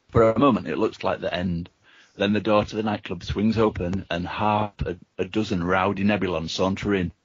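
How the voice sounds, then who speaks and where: Man reading a story aloud, husky, fairly low voice, dry lo-fi sound. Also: fairly even intonation, normal speed, no echo. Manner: plain reading with casual asides. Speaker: podcast co-host reading a gamebook aloud.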